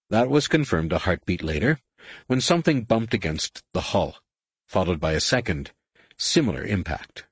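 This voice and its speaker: A man narrating an audiobook in a steady, measured way. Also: low voice, slightly rough, no room sound.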